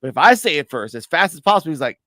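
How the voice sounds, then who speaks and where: A man reviewing a wrestling show in casual podcast chat, swearing freely and animated. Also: on the high side, very fast, no room sound, clean studio sound. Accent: New York.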